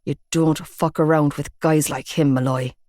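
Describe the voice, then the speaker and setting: A tough, protective teenage boy snarls in short, clipped bursts, as a woman reader drops her voice low. The sound is dry and close, with no room around it. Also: steady tone, normal speed, darkish tone, no echo, natural voice. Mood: hissing.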